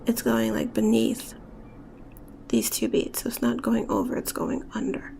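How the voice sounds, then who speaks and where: A beading tutorial instructor walks through a stitch step by step, speaking softly, a little slowly, and in a monotone, often dropping to near-whispers as she works. Her slightly high voice is mellow and dark with gravelly fry, over a faint hum of room noise.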